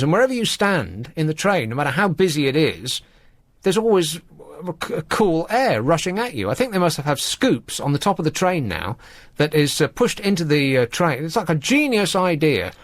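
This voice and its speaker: A man's voice: a little high, sing-song, normal speed, no echo. A man hosting a late-night radio phone-in, talking in a wry, rambling, teasing way into a studio microphone.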